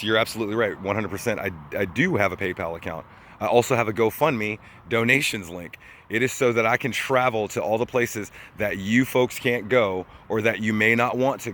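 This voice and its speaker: A man's voice: fairly low pitch, fairly bright tone, a little hiss or hum. A man talking to his camera outdoors in an earnest, rambling way, often repeating himself. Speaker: vlogger. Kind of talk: casual monologue to camera. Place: outdoors, picking up trash.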